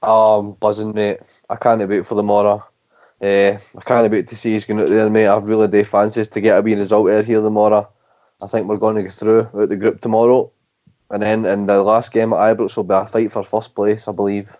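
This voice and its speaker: A man's voice: fairly low pitch, little pitch movement, fairly quick, mellow. A man calling in to a fan radio phone-in, upbeat and confident. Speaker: caller. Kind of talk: casual phone-in chat. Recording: dull lo-fi phone audio.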